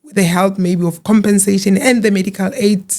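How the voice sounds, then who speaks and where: A woman speaking as an interview guest, telling her own story in an earnest, halting way with frequent repeated words. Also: medium pitch, fairly even intonation, dark tone. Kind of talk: personal testimony in an interview.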